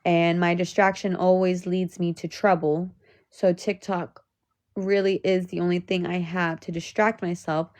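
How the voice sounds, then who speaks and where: Her voice is on the low side, a little mellow, with little pitch movement and an unhurried pace. This young livestreamer is venting near tears, her voice cracking, and she swears frequently, repeats herself and starts sentences over.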